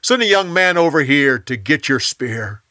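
A man's voice: fairly high pitch, big pitch swings, normal speed, pushed and bright, dry recording, clean studio sound. A man voicing David, a loyal young warrior, speaking firmly and earnestly. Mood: pleading. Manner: earnest and firm.

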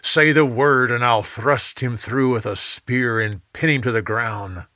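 An eager soldier , as a male storyteller plays him, pressing and hushed in a bright, dry read. Slow and deliberate. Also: mid-range voice, no room sound. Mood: urging.

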